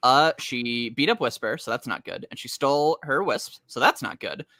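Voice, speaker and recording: Bright-voiced rambling male co-host. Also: mid-range voice, expressive, moderate pace, no room sound. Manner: rambling, heavy use of "like" fillers; laughs often. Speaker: comic podcast co-host. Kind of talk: casual chat.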